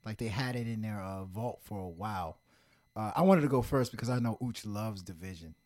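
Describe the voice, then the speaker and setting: A man's voice: fairly low pitch, brisk. A young man from Washington, D.C., co-hosting a podcast, joking and teasing while reviewing songs. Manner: animated, joking, playful teasing. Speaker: podcast co-host. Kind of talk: casual music review chat.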